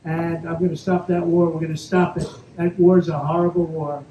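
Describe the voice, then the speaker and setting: A man talks off the cuff to an audience at an event, fielding questions with boastful, repetitive asides. His voice sits high for a man but sounds dark and mellow. It was caught on a phone from the floor of an echoey hall, so it sounds dull and carries faint background noise. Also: level tone, fairly quick. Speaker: politician answering audience questions. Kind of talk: off-the-cuff Q&A speech. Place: event hall at a private club, live audience.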